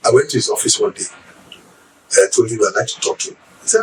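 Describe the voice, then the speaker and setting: A middle-aged Nigerian man with a Nigerian accent, telling his life story as an interview guest, animated and acting out the voices of people he quotes. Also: mid-range voice, fast talker, recorded from a distance, low-quality recording. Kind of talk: casual storytelling.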